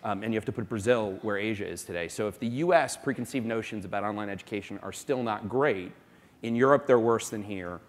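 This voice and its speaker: A man from South Florida speaking as a company executive on a conference panel, emphatic and quick to make his point. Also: fairly low pitch. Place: conference hall. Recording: long reverb of a conference hall.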